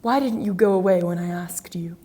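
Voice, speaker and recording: An earnest painter, devoted to his friend and reproachful when hurt, voiced by a woman. The delivery is mellow and a little breathy in an audiobook reading. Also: medium pitch, moderate pace. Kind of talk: graded reader audiobook acting.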